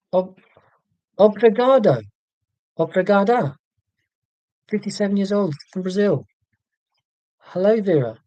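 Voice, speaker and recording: Mellow rambling man in his forties. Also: high voice, no echo, highs cut off. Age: 40s. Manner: rambling, self-deprecating, full of restarts. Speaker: live-stream host. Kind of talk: casual live-stream chat. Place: indoors at home. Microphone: laptop microphone.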